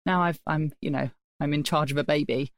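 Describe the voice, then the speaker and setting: A woman's voice: low voice, fairly even intonation, fairly quick, no echo, clean studio sound. A woman, co-hosting a casual podcast and chatting sympathetically about new parenthood. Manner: sympathetic, chatty, drops quieter when reflecting. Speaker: podcast co-host. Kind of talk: casual chat.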